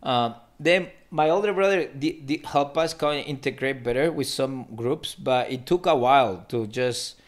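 A man's voice: mid-range voice, moderate pace, hardly any pauses. A man in his thirties from Peru, with a mixed Peruvian and Spanish accent, speaking Spanish natively, talking reflectively as a guest in a casual interview. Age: 30s. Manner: reflective, frequent restarts and fillers. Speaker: guest philosopher.

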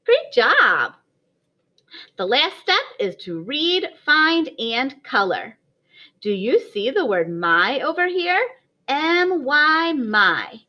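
A woman teaching a kindergarten writing lesson in a sing-song, encouraging voice for small children. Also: on the high side. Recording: slightly dull lo-fi audio.

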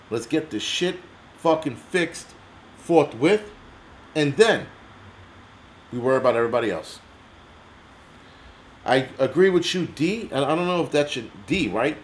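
A man's voice: a little high, slight background noise. An American man hosting a livestream, ranting angrily in a blunt, profane, heated way. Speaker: livestream host.

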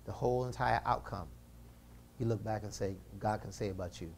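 In a sermon delivered a little fast, a man urges his congregation to respond and alternates between passionate shouting and low, intimate talk. There is slight background noise.

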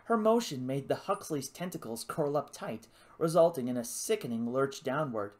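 An audiobook narrator reading an adventure novel aloud in an expressive storytelling manner. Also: mid-range voice, normal speed. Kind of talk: scripted narration.

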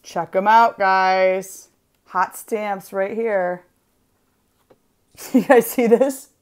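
A woman's voice: medium pitch, steady tone. A woman hosting a casual craft livestream, playful and giggly as she chats while stamping. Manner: playful, giggly, drawn-out delivery.

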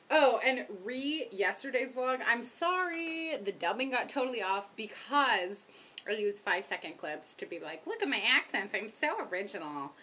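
A young woman chatting casually to her camera at home, rambling and self-mocking, talking loudly with headphones on. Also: a little high. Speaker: vlogger. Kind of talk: casual chat. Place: home, indoors.

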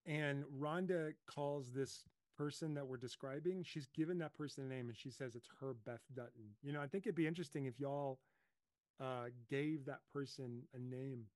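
A middle-aged man hosting a casual coaching talk, telling lively stories and acting out his own panicked voice. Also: mid-range voice, normal speed, no echo. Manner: animated storyteller, acts out his own panicked voice. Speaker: host.

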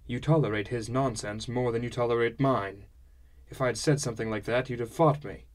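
A man's voice: mid-range voice, steady tone, a little fast, natural voice. A man reading a wry teasing woman. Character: teasing adult woman companion.

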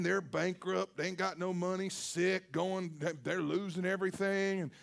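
A man's voice: high voice, gravelly, a bit bright. A man preaching a sermon to a congregation, with an emphatic, call-and-response delivery. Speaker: pastor. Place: church service.

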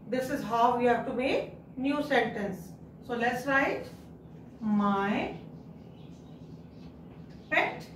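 A woman's voice: fairly high pitch, slight background noise. A woman teacher, patiently guiding young children through a writing lesson, repeating and spelling words out. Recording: echoey room, mic at a distance.

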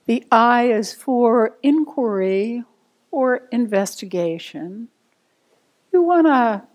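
A woman meditation teacher, giving a gentle, unhurried dharma talk to a group. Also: fairly high pitch.

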